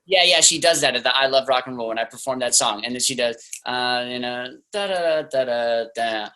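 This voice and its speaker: A young man talks as a guest in a relaxed interview. His voice is bright and forward, pitched in an ordinary male middle range. His delivery is loose and chatty, full of "like" fillers. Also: fairly quick, rough recording. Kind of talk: casual interview talk.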